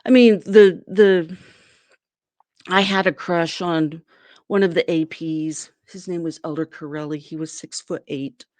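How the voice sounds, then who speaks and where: With a fairly low, unhurried voice and no echo, a woman from Arizona tells a personal story during an interview. She's lively about it, voicing quoted people loudly.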